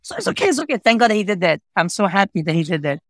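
A man appears as an interview guest, a pizza shop owner earnestly telling his personal story in non-native, broken English, repeating himself and filling gaps with "you know, like." His voice is high with big pitch swings, and he talks fast. The recording is dry, and he comes across as earnest, repetitive and heartfelt.

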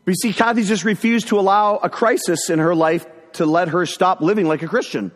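Middle-aged man, higher-pitched, lively sermon storyteller, long hall reverb. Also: brisk. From northern Ontario, Canada. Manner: animated storyteller who acts out quotes. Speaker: speaker sharing a testimony. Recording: echoey hall.

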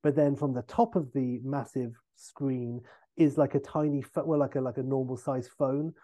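A man hosting a podcast, telling a comic film pitch in a rambling way with fillers and self-corrections. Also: fairly even intonation, moderate pace, mellow.

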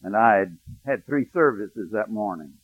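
A male pastor preaching a sermon, telling a personal story, hushed in tender moments and rising to emphatic preaching. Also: on the low side, animated, moderate pace. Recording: dry, thin phone-like sound.

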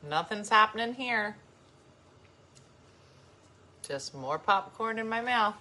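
A woman's voice: medium pitch, animated, moderate pace, sharp tone. A woman vlogging at home in casual chat, rambling and playfully grumpy while sharing snacks with her dogs.

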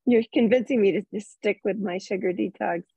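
A woman speaking as a coaching client on a video call. She talks hesitantly, with halting restarts. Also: mid-range voice, creaky, mellow, slightly rough, dry recording. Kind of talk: casual video call conversation. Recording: dull, dry video call audio.

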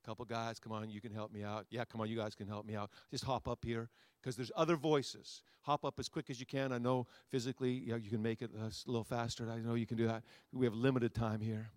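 Pastor preaching with rising and falling intensity. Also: male voice, little pitch movement, quick pace, few pauses, no room sound. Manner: swings between loud soaring lines and low quiet asides; repetitive, rousing preaching cadence. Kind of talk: sermon. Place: church sanctuary before a congregation.

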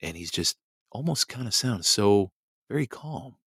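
A man doing an impression of a calm, soft-spoken male TV painter, talking slow and hushed. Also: on the low side, husky, dry recording, studio quality, exaggerated voice. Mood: soothing.

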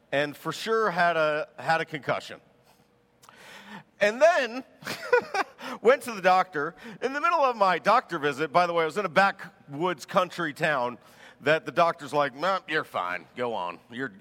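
High bright-voiced pastor preaching. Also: male voice, long reverb tail. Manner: animated storytelling with laughs. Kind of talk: sermon.

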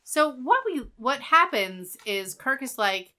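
Woman podcast co-host, bright tone, playful sweary recap chat. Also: high voice, big pitch swings, takes it slowly. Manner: sweary, joking, acting out characters' lines.

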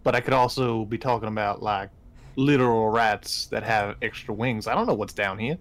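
A man's voice: lowish voice, moderate pace, a crowd in the background. A man playing a tabletop game, joking and wordy as he talks in character and out. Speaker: player. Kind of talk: casual tabletop play.

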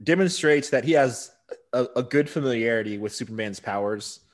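A man's voice: medium pitch, fairly quick. A man co-hosting a podcast, recapping a TV episode in casual chat and often agreeing with "right". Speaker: podcast co-host.

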